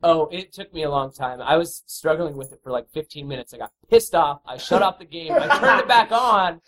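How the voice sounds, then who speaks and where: A man with a high, very lively voice telling friends a story about a game. He is animated and swears freely as he talks. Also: brisk. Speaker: podcast co-host. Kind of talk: casual group chat about a video game.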